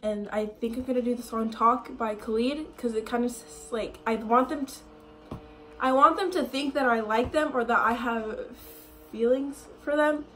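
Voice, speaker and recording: Young woman vlogger, high voice, unhurried, giggly and jittery, faint music behind. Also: steady tone. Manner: nervous and giggly, many "like" fillers. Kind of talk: casual vlog talk.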